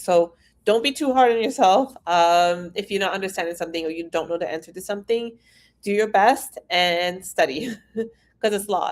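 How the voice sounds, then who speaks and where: Woman from iran doing a live q&a as an immigration consultant, frank and casual, reads out viewer questions. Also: mid-range voice. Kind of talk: live-stream Q&A.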